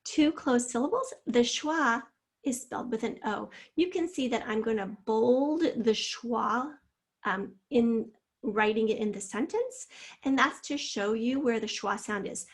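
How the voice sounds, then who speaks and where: A woman teacher giving a recorded spelling lesson to fourth graders, sounding out words slowly and carefully. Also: on the high side, slightly rough.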